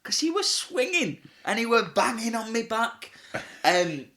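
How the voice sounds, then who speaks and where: A man's voice: very high voice, expressive, normal speed, pushed and bright. A man, a pantomime comic telling stories in a casual interview, chatty and often laughing. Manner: chatty, laughs often, acts out quoted voices.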